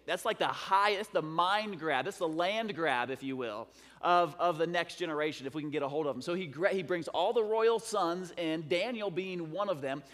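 A man's voice: high voice, a bit bright. A man preaching a sermon in a conversational, storytelling way. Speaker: pastor. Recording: long hall reverb.

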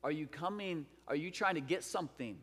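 A man's voice: a little high, brisk, a bit bright, breathy edge. A man preaching a sermon in a conversational, storytelling way. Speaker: pastor. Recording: long hall reverb.

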